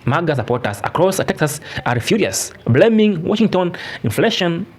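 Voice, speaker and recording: Man, commentary narration, halting, lively pitch, a bit high. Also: slight background noise. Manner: halting, with fillers and restarts. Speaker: news commentator.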